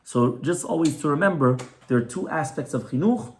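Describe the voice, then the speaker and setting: Rabbi teaching a small class. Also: male voice, a little high, animated, brisk, darkish tone. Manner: conversational teaching, frequent "right?" checks with the audience. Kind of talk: Torah class on child education. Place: residence, small class gathering.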